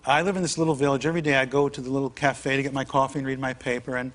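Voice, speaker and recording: A man's voice: medium pitch, little pitch movement, rapid-fire, a bit bright. A man, a comedian guest on a late-night talk show, telling funny anecdotes in a wisecracking way, slipping into mock voices. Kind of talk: comic storytelling. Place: TV studio with live audience. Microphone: television studio mic. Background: studio audience.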